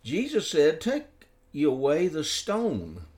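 A man preaching a sermon, reading King James scripture aloud and explaining it emphatically. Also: a little high. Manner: lively preaching cadence with slow emphatic phrases.

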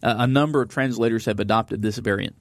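A man's voice: fairly low pitch, quick pace, no echo, clean studio sound. A man hosting a Bible study, reading verses aloud and then explaining them in an easygoing way, with frequent fillers. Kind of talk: conversational Bible teaching.

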